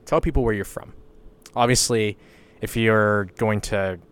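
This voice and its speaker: A man's voice: on the low side, unhurried, smooth. A young man from western Canada hosting a casual solo podcast, blunt and rambling, swearing freely and using lots of "you know" and "like". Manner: many fillers like "you know" and "like". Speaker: podcast host.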